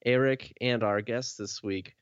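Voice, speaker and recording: A man's voice: medium pitch, fairly even intonation, measured pace, smooth, no echo, lo-fi sound. A man hosting a podcast in casual, joking, upbeat chat. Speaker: podcast host.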